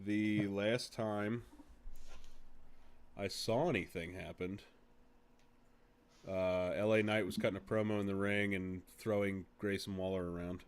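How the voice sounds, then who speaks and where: A man's voice: lowish voice, fairly even intonation, measured pace, pauses often, smooth. A man co-hosting a podcast in casual chat, easygoing and rambling, with lots of fillers. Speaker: podcast co-host.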